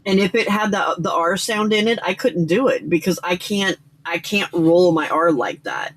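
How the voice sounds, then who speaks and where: A woman's voice: lowish voice, normal speed, breathy edge, poor audio. Giggly rambling American woman host. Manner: rambling, laughs often, self-teasing. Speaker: livestream host. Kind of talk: casual chat while crafting.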